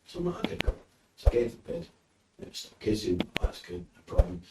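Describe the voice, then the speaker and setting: This fast-talking British guest from the UK has a fairly low voice and tells animated anecdotes on a podcast, acting out the quotes. He's far from the mic, so the recording is roomy with faint noise.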